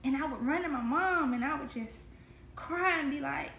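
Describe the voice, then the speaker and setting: A woman with a high voice delivers a spoken Christian devotional straight to the viewer. She talks in an earnest, heartfelt way and leans on repeated phrases for emphasis. The sound carries a noticeable room echo. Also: moderate pace, vocal fry, fairly bright tone, slight background noise. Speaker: devotional host. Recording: echoey room.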